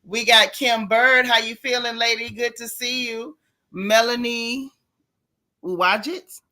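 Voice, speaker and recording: Lively, bright-voiced woman livestream host. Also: on the high side, slow pace. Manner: lively, greets viewers by name. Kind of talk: casual livestream chat.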